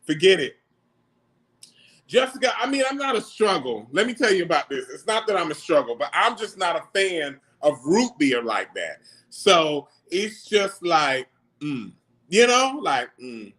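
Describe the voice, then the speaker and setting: A man hosts a casual livestream and talks straight to his viewers. His talk is animated and slangy, full of quick laughs, and his voice sits a touch higher than most men's. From New York. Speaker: livestream host. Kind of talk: casual livestream chat answering viewer comments.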